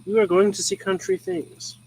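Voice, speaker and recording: This young host speaks in a high voice with a level, darkish tone at normal speed, chuckling as he rambles casually over his old photos. He's at a rural home, and the rough recording has slight background noise.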